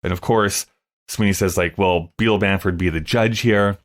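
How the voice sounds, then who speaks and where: A man's voice: low voice, steady tone, moderate pace. A man hosting a podcast, chatting casually and laughing as he talks through a musical. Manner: chatty, laughs often, quotes lyrics. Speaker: podcast host. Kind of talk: casual chat about a musical.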